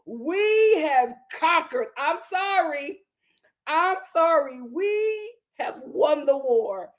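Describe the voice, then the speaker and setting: A woman's voice: high voice, drawn-out words. An American woman hosting a reality show recap, telling it with dramatic flair and frequent laughter. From United States. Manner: animated, dramatic storytelling with laughter. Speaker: host.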